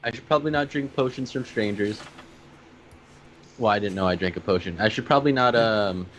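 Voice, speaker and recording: Hesitant low-voiced man playing a tabletop game. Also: brisk, a bit bright, a little hiss or hum. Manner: hesitant, many ums and restarts. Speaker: player. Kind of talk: tabletop game role-play.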